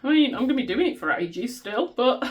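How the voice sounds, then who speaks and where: A woman's voice: a little high, very animated, normal speed, a little hiss or hum. A woman with a Black Country accent chatting casually on a budgeting vlog, laughing at herself and humming tunes as she sorts cash. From West Midlands, England. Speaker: budgeting vlogger. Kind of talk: casual chat while cash stuffing.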